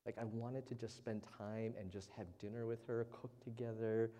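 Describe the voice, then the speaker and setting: A man preaching a casual, conversational sermon as the pastor in a church service, chatty and relaxed, often tossing in "right?" to the congregation. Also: fairly low pitch, normal speed. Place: church sanctuary during a service. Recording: long reverb of a large church hall.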